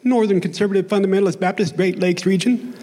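A man putting on a sweet young Okie woman, high and twangy. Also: steady tone, quick pace, warm tone, natural voice. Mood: earnest, agreeable. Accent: Oklahoma twang. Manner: sweet, agreeable replies in a raised falsetto-like voice. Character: polite earnest young woman on a bridge. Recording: long hall reverb.

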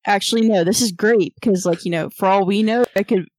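Woman gamer, excitable, swears a lot, very dry close sound. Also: medium pitch, a little fast, dry recording. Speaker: player. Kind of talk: casual game chat.

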